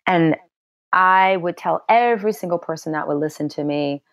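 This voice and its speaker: A middle-aged actress telling a personal story in an interview, animated and acting out what people said in a high, excited voice. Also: female voice, moderate pace, no room sound, clean studio sound. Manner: lively storyteller who acts out quotes in a high excited voice.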